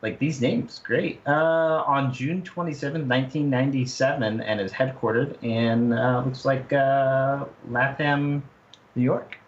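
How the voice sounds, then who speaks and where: A man's voice: medium pitch, steady tone, unhurried, few pauses, dull audio. A man co-hosting a casual podcast, reading out company details with hesitant fillers. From United States. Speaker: podcast co-host.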